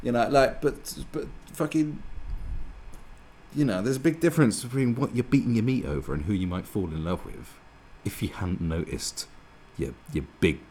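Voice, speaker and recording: A man's voice: fairly low pitch, normal speed, slight background noise. A man giving crude, mocking commentary on a video clip. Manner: animated, sweary, mocking. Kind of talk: profane reaction commentary.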